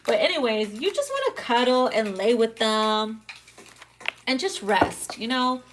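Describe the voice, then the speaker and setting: A woman's voice: a little high, expressive, measured pace, a little hiss or hum. A woman giving a casual, crude, joking tarot reading, often breaking into laughter. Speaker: tarot reader.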